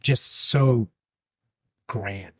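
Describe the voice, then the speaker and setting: A man, a podcast guest, tells a rowdy story with a laugh never far off. His voice sits at an ordinary middle pitch, recorded close with a dry, dead sound. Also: very slow, breathy edge, no echo. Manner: animated, laughing, acts out quotes. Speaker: podcast guest, brewery owner. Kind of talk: casual storytelling chat.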